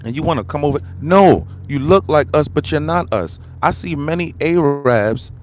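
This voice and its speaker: Speaking directly to his audience and their comments, this American livestream host delivers heated political commentary, hammering his points again and again and throwing out rhetorical questions. His voice sits a little high, lively in tone and moderately paced, with a slight hiss or hum in the recording.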